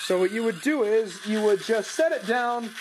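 A man's voice: high-pitched, lively intonation, normal speed. A man giving casual, rambling commentary as he tries out cheap gadgets and snacks at home, dry and self-mocking, picked up on a camera microphone. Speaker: product review vlogger. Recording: noisy camera-mic recording.

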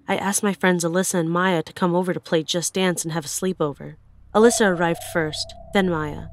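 A woman's voice: fairly low pitch, slight background noise. A woman narrating her own scary experience in the first person, in an earnest, plain way. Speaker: storyteller.

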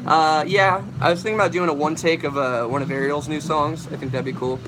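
A man's voice: on the high side, fairly even intonation, brisk, over music, poor audio. A young man casually hosting a livestream, rambling as he answers chat questions about vocals. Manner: casual, rambling, demonstrates screams.

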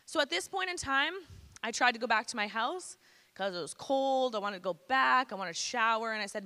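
A woman in her thirties speaks frankly and casually to a student audience, slipping into slang. Her voice is bright and forceful, and it echoes around a large school hall. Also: a little high, expressive, fairly quick. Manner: candid, conversational, slangy. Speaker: guest speaker. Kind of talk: personal testimony to students.

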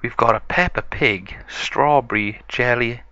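Man doing a cartoon pig mom, high and sing-song, dry muffled recording. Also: unhurried, pushed and bright, no echo. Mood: cheerful. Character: cheerful female cartoon pig mother.

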